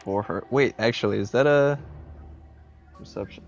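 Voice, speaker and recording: A man's voice: medium pitch, normal speed, soft background music. A man leads a tabletop role-playing session over voice chat, narrating what the characters do and patiently walking his players through the rules. His headset mic gives the voice a dull, slightly muffled lo-fi quality. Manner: relaxed, explains rules with many fillers. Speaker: game master. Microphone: headset microphone.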